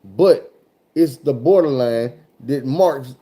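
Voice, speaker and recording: A man from Arkansas, a truck driver telling a road story in a loose, animated, heavily profane way. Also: medium pitch, takes it slowly. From Arkansas, USA. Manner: animated, profane, swears often.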